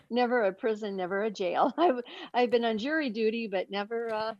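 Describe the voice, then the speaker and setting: A woman's voice: a little high, normal speed, a little mellow, highs cut off. A woman being interviewed as a book author, recounting events earnestly with frequent fillers. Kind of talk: interview answers.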